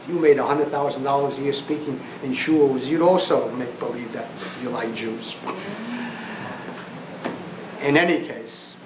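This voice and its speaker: A man's voice: medium pitch, a little slow, long pauses, noisy background. A man, a rabbi, giving an impassioned public lecture with emphatic, mocking delivery and rhetorical questions. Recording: echoey archival lecture recording.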